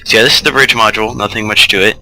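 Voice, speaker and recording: Rambling man with a bright, tense voice. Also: fairly low pitch, fairly even intonation, rapid-fire, a little hiss or hum, poor audio. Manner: rambling, loose, full of asides. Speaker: let's play host. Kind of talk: casual gameplay commentary.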